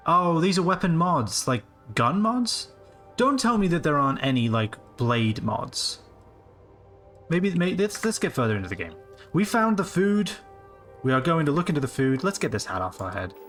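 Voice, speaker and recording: A man in his late twenties chats his way through a game stream in loose, rambling commentary, cursing freely. His voice sits a little high and is very lively in pitch. Soft game music plays behind him. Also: moderate pace. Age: late 20s. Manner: rambling, casual, swears freely. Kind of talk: live gameplay commentary.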